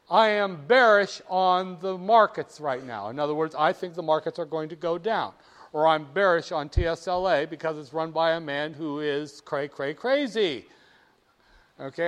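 A man lecturing a class, stressing key words and having students repeat phrases back to him. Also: a little high. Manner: emphatic, drills terms, asks students to repeat. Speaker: teacher.

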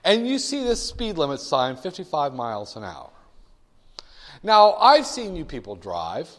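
A man's voice: on the high side, measured pace. Joking male lecturer in a reverberant hall. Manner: animated, joking storyteller. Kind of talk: classroom lecture.

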